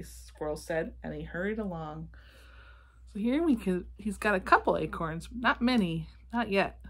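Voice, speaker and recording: Lady reading a picture book to little kids, slow and unhurried, asks what they see. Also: on the low side, animated, husky. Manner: gentle, asks young listeners questions about the pictures. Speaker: children's storybook reader. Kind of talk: children's read-aloud.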